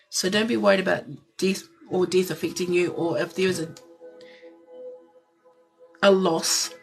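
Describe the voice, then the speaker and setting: A woman giving a live tarot reading in a soft, gentle way, pausing often and sometimes tearful. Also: fairly low pitch, vocal fry. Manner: emotional, tearful at times. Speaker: tarot reader.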